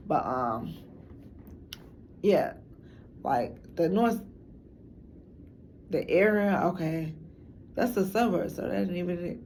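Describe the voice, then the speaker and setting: In a casual talk to camera for a documentary, a Chicago-accented woman rambles frankly about her city in loose street slang. Her low, gravelly voice has a mellow, dark tone, with a faint hiss underneath.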